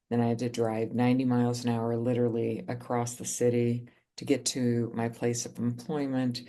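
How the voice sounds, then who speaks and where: A podcast co-host with a gravelly, creaky texture tells a personal story in earnest, easy conversation. The delivery slows down at reflective moments, and the pitch sits in the middle of the range. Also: mellow.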